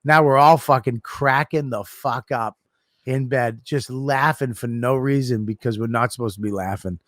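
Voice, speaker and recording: A middle-aged man co-hosting a podcast, telling animated, profane stories in casual chat. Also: mid-range voice, moderate pace, no echo. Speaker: podcast co-host.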